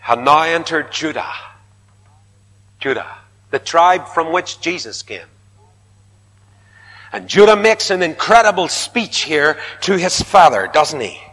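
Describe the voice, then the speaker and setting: Male preacher, bright and emphatic, recorded with long hall reverb. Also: fairly high pitch, animated, slow pace, long pauses. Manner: emphatic, rising to loud repeated protests. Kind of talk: sermon.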